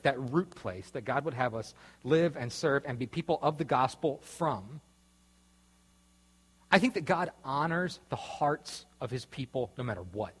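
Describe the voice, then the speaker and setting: A man's voice: fairly high pitch, breathy edge. A man, a pastor, telling a long personal story in a loose, rambling way, full of fillers and restarts. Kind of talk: storytelling sermon talk. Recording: reverberant hall.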